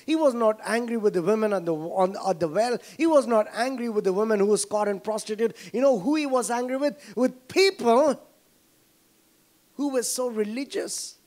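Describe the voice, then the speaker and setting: High-voiced Indian pastor preaching. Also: male voice, a little mellow. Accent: Indian English, Tamil. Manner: preaching with constant rhetorical questions to the congregation. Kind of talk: sermon.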